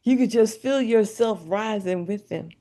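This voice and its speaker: A woman's voice: mid-range voice, unhurried, warm tone. A woman co-hosting a radio talk show, speaking emphatically and affirming others. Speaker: radio co-host. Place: radio studio.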